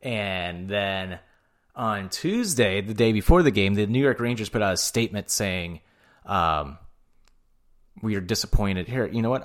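A man with a low voice rants on a casual podcast, swearing freely as he talks through hockey news. He sounds worn out and says so himself. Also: lively intonation, normal speed. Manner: profane, heated sports rant. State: tired. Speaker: podcast co-host. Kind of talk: casual chat.

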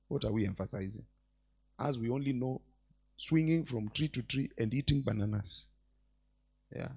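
A man preaching a sermon in church as bishop, swinging between loud exclamations and quiet asides. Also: medium pitch, creaky, husky. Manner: animated preacher, mixes shouts with quiet asides.

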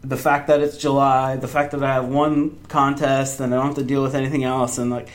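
A young man telling an excited story on a podcast, acting out quotes in a higher voice. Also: brisk. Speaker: fan event organizer. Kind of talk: casual podcast chat.

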